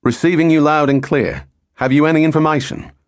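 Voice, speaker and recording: A man voicing a calm male RAF squadron leader with a North London accent, speaking in crisp radio calls. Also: fairly high pitch, a little fast, voice pushed up, natural voice. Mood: brisk radio calls.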